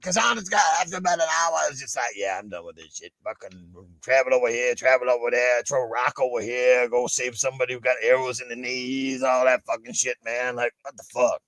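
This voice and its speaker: A man co-hosting a gaming podcast, brash and profane, ranting crude jokes in loud bursts. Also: mid-range voice, steady tone, a little fast, few pauses, no room sound, low-quality recording. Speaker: podcast co-host. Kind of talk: crude comedic rant.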